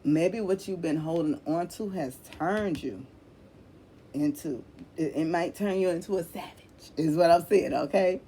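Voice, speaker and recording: A woman's voice: on the low side, a little slow, warm tone, slight background noise. A woman giving a casual tarot reading, blunt and emphatic, swearing freely, repeating herself and calling the listener honey. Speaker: tarot reader.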